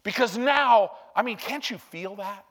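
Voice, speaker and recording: A male preacher giving an emphatic, animated sermon that swings from hushed to loud. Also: sits high, measured pace.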